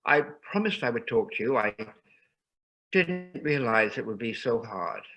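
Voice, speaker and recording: Man voicing a nervous young woman, halting. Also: mid-range voice, expressive, fairly bright tone, low-quality recording. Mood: pleading. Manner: hesitant and pleading, stumbles over words.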